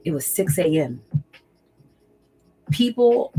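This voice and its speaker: A woman's voice: deep voice, sing-song, slow pace, dark tone, breathy edge, soft background music, poor audio. A woman reading tarot on her channel, giving emphatic, preachy spiritual advice straight to camera, repeating phrases for weight and swearing casually. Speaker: tarot reader and channel host.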